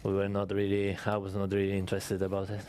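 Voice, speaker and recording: Flat-voiced man answering hesitantly. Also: low-pitched, a little hiss or hum. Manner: hesitant, many pauses. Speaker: racing driver. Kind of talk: press conference answers.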